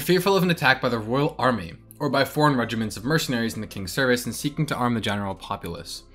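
A man's voice: medium pitch, bright, forceful tone. A young man and student rambling casually to camera in a vlog, self-deprecating and chatty. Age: young adult. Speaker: vlogger.

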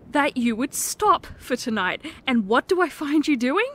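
A woman in a whispered role-play as a girlfriend, talking softly and earnestly, swinging between hushed pleading and sharp, swearing exasperation. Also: sits high, sing-song, slow, pauses often. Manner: swears when frustrated. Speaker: ASMR role-play performer.

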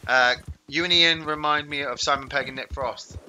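A man's voice: mid-range voice, fairly even intonation, moderate pace, sharp tone, a little hiss or hum. A man streaming a game, chatting loosely and swearing freely as he plays. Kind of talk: casual gaming chat.

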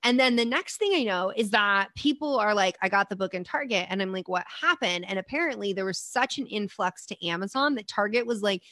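A woman's voice: medium pitch, brisk, hardly any pauses, dry recording, studio quality. Chatty woman guest telling stories. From United States. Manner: chatty, animated storytelling with quoted asides. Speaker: author and doctor, guest. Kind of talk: casual interview chat.

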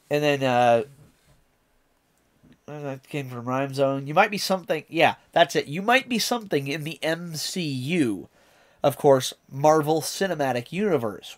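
A man streaming a casual reaction, chatty and enthusiastic as he explains lyrics. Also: a little high.

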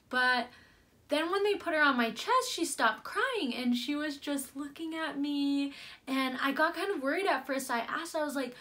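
Young woman vlogging her birth story, kinda high voice, chatty and gushy, lots of "like" and "you guys". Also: lively intonation, normal speed, fairly bright tone. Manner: chatty and gushing, many fillers, addresses viewers as "you guys". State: near tears at moments. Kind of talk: casual birth story vlog.

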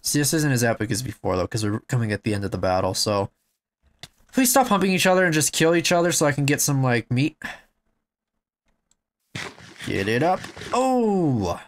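A young man commentating his game, excitable and swearing, shouting at what happens on screen. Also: mid-range voice, normal speed, pauses often. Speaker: gamer. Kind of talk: let's play commentary.

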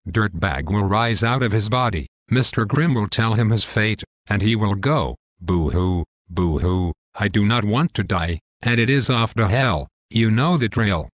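Man doing a crude demon, low-voiced and sneering, dry sound. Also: dry recording, lightly acted. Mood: taunting. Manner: taunting, insulting, slow and deliberate. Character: crude gloating male demon claiming a dying man's soul. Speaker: pastor. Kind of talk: one-man dramatized dialogue.

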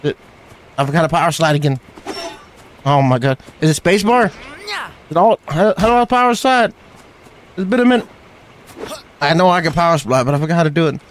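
A young man doing excitable, slangy let's-play commentary as he plays a game, often yelling at what happens on screen. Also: on the high side, brisk, long pauses, slight background noise. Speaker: gaming YouTuber.

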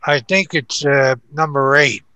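A man's voice: fairly high pitch, fairly even intonation, unhurried, pushed and bright, clear, resonant tone, dry recording. A man on a city council, hesitant as he searches through his papers during meeting procedure.

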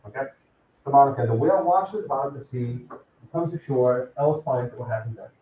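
Speaking quickly in a mid-range voice with a dark tone, a man leads a law class, casually naming students and questioning them. He's a law professor in a lecture classroom. Slight background noise sits under a distant, echoey, dull recording.

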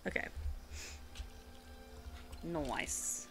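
Over soft background music, a woman plays a game on stream and talks casually to chat and her fellow players. She draws out her words in a fairly bright tone, giggles frequently, and sometimes slips into a joking put-on accent.

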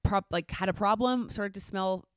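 A woman co-hosting a podcast in easy, chatty back-and-forth, full of fillers and quick restarts. Her voice sits in a middle register and sounds close and dry, with no room around it. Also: mid-range voice, clean tone, dry recording. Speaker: podcast co-host. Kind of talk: casual chat recap.

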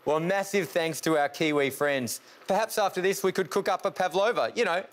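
A man's voice: sits high, fairly quick. A man with an Australian accent, presenting a cooking and wellness segment in a chirpy, scripted TV manner.

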